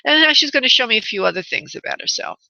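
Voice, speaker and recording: A bright, crisp-sounding woman gives a psychic reading over the radio, speaking gently to the caller. Her voice is close and dry, with a slightly dull, muffled broadcast sound. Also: on the high side, animated, quick pace, no echo. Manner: soothing, calls caller honey and sweetheart. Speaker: psychic medium radio host. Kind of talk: live call-in reading. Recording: muffled radio phone-in audio.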